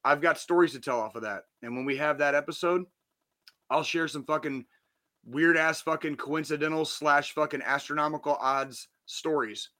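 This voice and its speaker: Fairly high in pitch and moving at a moderate pace, his voice is bright and forceful. The speaker is a podcast host in his forties offering a casual motivational monologue, a blunt pep talk full of swearing but earnest at heart.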